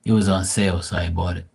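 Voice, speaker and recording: A man's voice: deep voice, vocal fry, a little mellow, slightly rough. A man hosting a live tarot stream, talking casually and bluntly with plenty of swearing, and greeting chat viewers by name. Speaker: livestream tarot reader.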